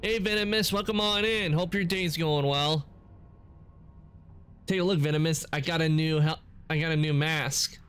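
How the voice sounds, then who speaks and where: A man's voice: fairly high pitch, fairly even intonation, normal speed, long pauses, a bit bright, smooth. A man streaming a game live, chatting casually and correcting himself as he rambles along. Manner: rambling, with frequent self-corrections. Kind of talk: casual gameplay commentary.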